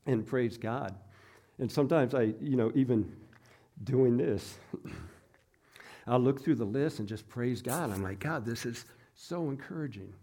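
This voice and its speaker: A man's voice: mid-range voice, slow pace, long pauses, warm tone. A man preaching a sermon as a pastor, telling personal stories in a conversational, self-deprecating way. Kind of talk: storytelling sermon.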